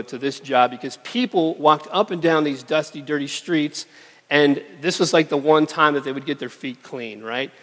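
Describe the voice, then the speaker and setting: A man preaching a sermon in a relaxed, conversational way who keeps checking in with his listeners. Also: fairly high pitch, long reverb tail. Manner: conversational, checks in with "okay?" and "right?".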